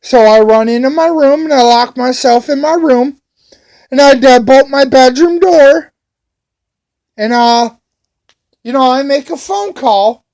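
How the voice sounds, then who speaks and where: A man's voice: very high-pitched, gravelly, darkish tone. A man telling an angry story about a police officer in a heated, profane, repetitive way.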